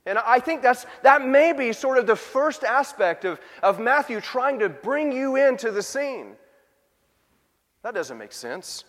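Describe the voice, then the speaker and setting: Male pastor, high pitch, conversational sermon delivery with rhetorical questions, long hall reverb. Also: sing-song, a little slow, a bit bright.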